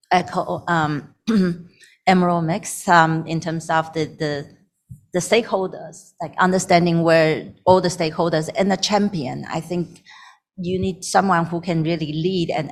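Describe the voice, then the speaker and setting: A woman with a low voice adds her points on a discussion panel. She talks in a measured, earnest way. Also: fairly even intonation.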